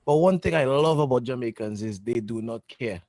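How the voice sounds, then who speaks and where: A man chatting casually on a podcast, animated and asking rhetorical questions. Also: mid-range voice, a little fast, no echo, studio quality. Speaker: podcast co-host. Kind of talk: casual chat.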